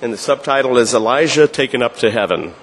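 A man reading a scripture passage aloud during a church service, clear and measured. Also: mid-range voice, animated, in a large hall, a little hiss or hum. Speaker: scripture reader.

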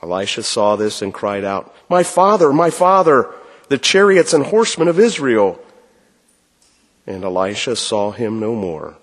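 A man reading a scripture passage aloud during a church service, clear and measured. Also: lowish voice, long reverb tail. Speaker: scripture reader.

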